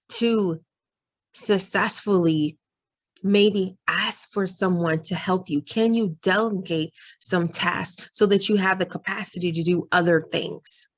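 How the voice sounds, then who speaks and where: A coach with a medium-pitched voice addresses working moms directly in an earnest, encouraging advice vlog. She talks straight to the camera and calls her viewers "y'all."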